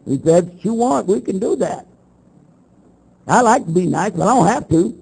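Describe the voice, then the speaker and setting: An older man lectures as a Muslim preacher, his voice pitched high for a man. The tone is warm and mellow rather than bright. He talks bluntly, fires rhetorical questions and slips into other voices to act out his stories. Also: moderate pace, creaky, husky, rough recording. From Texas. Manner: animated storytelling, acts out both sides of the exchanges. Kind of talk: lecture to an audience.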